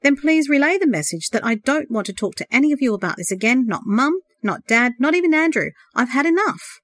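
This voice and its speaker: A calm, curt young man, quiet and firm as he shuts down the talk, as a woman reading a story voices him. The sound is dry and close. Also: high-pitched, brisk, dry recording, pitched above the performer's own voice.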